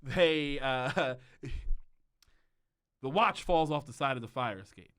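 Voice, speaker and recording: A man's voice: mid-range voice, slow pace, a bit bright, clean tone. A man hosting a comedic podcast, ranting animatedly and laughing often as he recaps a show. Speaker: podcast host.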